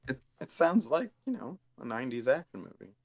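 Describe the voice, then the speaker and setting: A man's voice: medium pitch, sing-song, a little fast, dry recording. A man co-hosting a casual movie podcast, making dry, short remarks. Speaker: podcast co-host.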